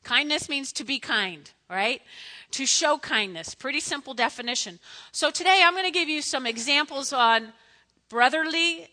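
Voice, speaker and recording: A middle-aged woman preaching a conversational sermon, telling family stories in a chatty, animated way and putting questions to her listeners. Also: high-pitched, moderate pace. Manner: chatty, animated storyteller who questions the audience.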